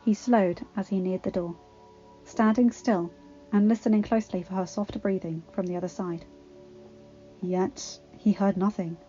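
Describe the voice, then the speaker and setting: A woman narrates a story in an expressive, dramatic reading voice of ordinary pitch. The recording sounds a little dull and muffled, like a simple home setup. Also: normal speed, soft background music. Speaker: fanfiction reader.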